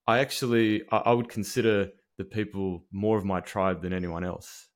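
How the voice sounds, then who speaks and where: A man hosting a podcast, talking in an earnest, casual way with many halting restarts. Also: fairly low pitch, steady tone. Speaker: podcast host. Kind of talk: casual interview chat.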